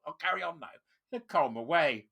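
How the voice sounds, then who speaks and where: A man's voice: a little high, a little fast, husky. A man hosting a commentary show, reading news aloud and breaking off into sarcastic rants. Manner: animated and sarcastic, reads news aloud and interrupts it. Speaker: commentary host.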